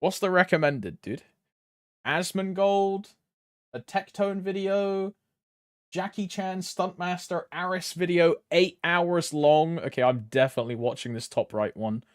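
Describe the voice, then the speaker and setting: A man's voice: high voice, unhurried, no echo, studio quality. A man streaming live, chatting loosely in slangy talk, laughing often and trailing off mid-thought. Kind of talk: casual live stream commentary.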